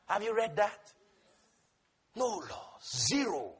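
A male preacher delivering a passionate sermon. He swings between shouted, repeated declarations and hushed, quiet urging. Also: sits high, sing-song, slow pace, slightly rough. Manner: repetitive, emphatic.

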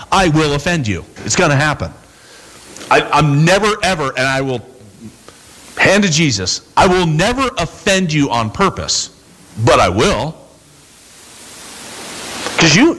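Animated, lively-pitched male pastor preaching. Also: slight background noise, low-quality recording. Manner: animated storytelling, acting out both sides of conversations. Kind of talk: sermon.

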